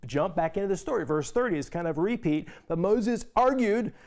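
Preaching conversationally, a male pastor often repeats words as he starts a phrase and drops to a soft, quiet voice for emphasis. His voice sits high, and he is animated and brisk.

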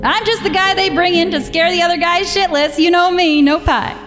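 A woman's voice: very high voice, steady tone, fairly quick, music in the background, pitched above the performer's own voice. A woman voicing a sly woman stealing a pie, delivering a tough-guy speech with playful asides.

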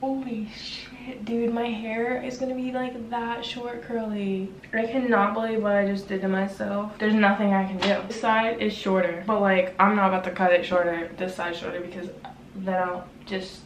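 A woman's voice: mid-range voice, little pitch movement, moderate pace. Anxious young woman swearing, roomy far camera. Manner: anxious, swearing, self-talk while cutting hair. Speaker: vlogger. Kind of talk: casual vlog, talking to camera. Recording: roomy, distant camera with background noise.

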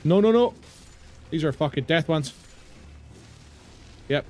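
Swearing, lively British man streaming. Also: a little high, slow. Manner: swearing, exasperated, ranting at the game. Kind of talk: live gameplay commentary.

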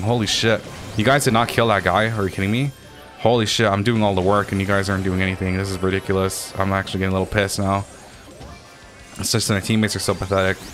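A man's voice: fairly low pitch, fairly bright tone. A man doing gameplay commentary as a channel host, ranting and swearing in frustration at his teammates.

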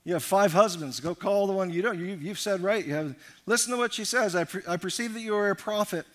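A man preaching a sermon as pastor, emphatic, rising to loud declarations and dropping to quiet asides, acting out quoted lines. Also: high voice, quick pace. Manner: acts out quoted lines in changed voices.

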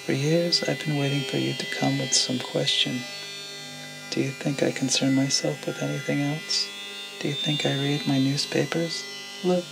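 A man's voice: mid-range voice, flat delivery, moderate pace, gravelly, close to an everyday voice, poor audio. A man voicing a scornful, domineering old father who mocks and accuses his son, with music underneath. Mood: accusing. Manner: mocking, harsh, accusing.

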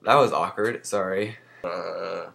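A man's voice: slow pace, vocal fry. A young man vlogging while sick, congested, coughing and short of breath, talking in a sarcastic, rambling way. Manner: sarcastic, rambling, animated jumps in pitch. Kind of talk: casual sick-day vlog.

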